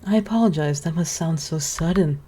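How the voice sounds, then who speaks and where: A woman voicing a gentle, lonely and motherly forest witch from a video game, speaking slowly in a sweet, coaxing way. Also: deep voice, slight background noise, natural voice. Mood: tender. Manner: soft, slow and sweetly coaxing. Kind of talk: reading game dialogue aloud.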